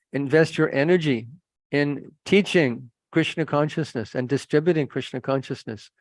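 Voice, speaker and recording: A man's voice: fairly high pitch, no room sound. A man preaching a sermon, earnest and admonishing, telling stories to make his points. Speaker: preacher, monk. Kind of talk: sermon with anecdotes.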